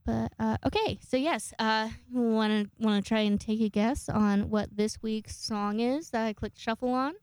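A woman's voice: on the high side, fairly even intonation, moderate pace, hardly any pauses, darkish tone, clean tone, dry recording. A young woman hosting a casual show, telling rambling stories with lots of swearing and self-mockery. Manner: rambling, profane, self-mocking. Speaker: podcast host. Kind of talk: casual storytelling chat.

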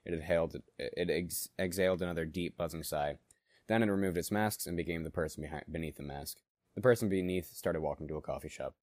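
A man reading a story aloud in steady narration with occasional slips. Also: deep voice, fairly quick, dry recording, clean studio sound.

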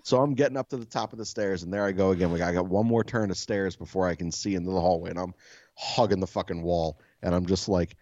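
Soft-spoken male podcast co-host, low voice, casual storyteller, swears a lot, dull dry mic. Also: quick pace, no echo. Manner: swears freely, laughs at himself.

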